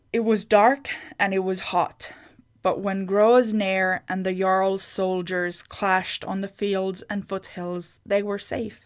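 A woman reading a fantasy short story aloud in scripted narration. She takes an unhurried, deliberate pace, and her voice sits in a middle register. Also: medium pitch.

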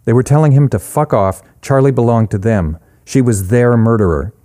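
A man reading a short story aloud in a steady, even manner. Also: medium pitch, normal speed. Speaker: narrator.

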